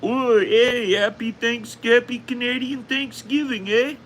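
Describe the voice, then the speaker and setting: A man mimicking a chirpy Canadian chatter in an exaggerated, sing-song voice, well above his own pitch. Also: steady tone, unhurried, fairly bright tone, a little hiss or hum. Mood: mocking.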